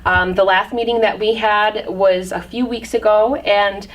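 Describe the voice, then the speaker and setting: A woman's voice: mid-range voice, fairly even intonation, a little slow. A woman being interviewed as a community project organizer, speaking earnestly and casually with lots of ums. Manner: earnest, filler-heavy, with frequent ums. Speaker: guest, dog park organizer. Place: community hub building, indoors. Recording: distant mic, faint room noise.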